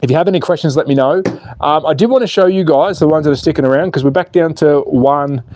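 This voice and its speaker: Working on his slot car track during a casual livestream, this Australian host chats, jokes, and reads out viewer comments. He talks quickly in a slightly high, slightly mellow voice, with a bit of hiss or hum in the audio.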